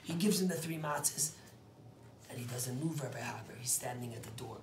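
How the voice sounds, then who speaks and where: A man, a rabbi, telling a story as a sermon, dropping to hushed whispers and rising to loud, emphatic bursts. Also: medium pitch, brisk, reverberant, slight background noise.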